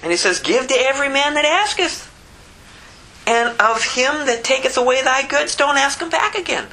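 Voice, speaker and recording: A woman preaching a sermon with emphatic rhetorical questions and wide swings in pitch. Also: animated, normal speed, bright, forceful tone, poor audio.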